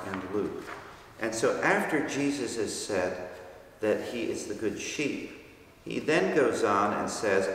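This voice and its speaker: A man's voice: on the low side, fairly bright tone. Man teaching Bible study in echoing hall. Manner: patient, explains terms step by step. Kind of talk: explanatory Bible study lecture. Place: church hall. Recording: very echoey church hall with long reverb.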